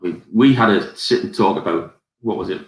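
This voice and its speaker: A man's voice: low-pitched, a little fast. A man with a Geordie accent hosting a live whisky tasting, rambling through his tasting notes with plenty of fillers. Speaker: whisky society ambassador. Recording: roomy echo.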